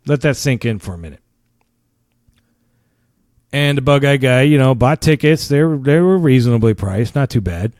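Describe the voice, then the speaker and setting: A man's voice: mid-range voice, expressive, normal speed, long pauses, darkish tone, no room sound. A man hosts his own podcast and rambles through a story at full tilt. He swears freely and laughs at his own jokes. His voice sits in a middle range and comes across close and dry, with no room around it. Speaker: podcast host. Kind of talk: casual ranting storytelling.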